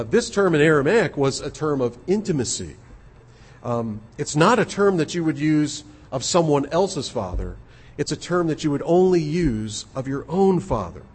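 A man preaching an expository sermon, earnest and measured, often repeating his words. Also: mid-range voice, slightly rough. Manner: earnest, measured, with frequent repetitions.

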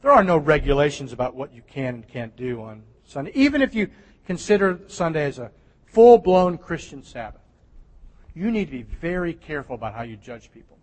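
A man preaching a sermon with emphatic, animated delivery that swings from loud stresses to hushed asides. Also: a little high, brisk. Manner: animated, emphatic preaching with sudden drops to near-whisper. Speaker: pastor. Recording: long hall reverb.

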